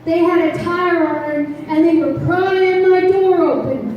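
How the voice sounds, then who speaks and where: High-voiced woman preaching in an echoey church. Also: measured pace, distant mic, lo-fi sound, slight background noise. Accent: Northeastern US. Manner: animated storytelling, acting out voices. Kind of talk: testimony sermon. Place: church sanctuary.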